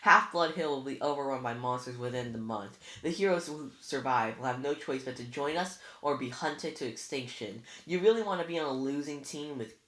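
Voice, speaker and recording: A reader voicing a scornful young male villain who talks smoothly and taunts, in a read-aloud book. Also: mid-range voice, fairly quick, hardly any pauses, fairly bright tone, natural voice. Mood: taunting. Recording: roomy echo.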